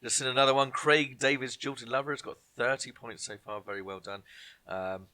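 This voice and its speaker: A man with a bright, forceful voice hosts a casual online quiz. He reads each question slowly and twice, dropping chatty jokes in between. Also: mid-range voice, steady tone. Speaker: quiz host. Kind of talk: casual live-stream quiz hosting.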